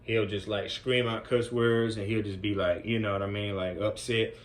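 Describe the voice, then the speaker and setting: A man's voice: on the low side, flat delivery, normal speed. A man working as a group home counselor tells a story in a loose, conversational way, full of "man" and "you know". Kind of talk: casual storytelling vlog.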